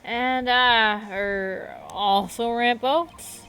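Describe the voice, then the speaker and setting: A woman voicing a hesitant old male shop owner who speaks haltingly and stammers. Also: fairly high pitch, steady tone, sharp tone, a little hiss or hum, exaggerated voice.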